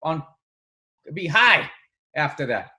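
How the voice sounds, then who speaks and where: A man's voice: fairly high pitch, big pitch swings, takes it slowly, sharp tone. A man hosting a podcast, asking curious, probing questions that halt and restart as he works them out. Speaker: podcast host. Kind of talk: interview questions.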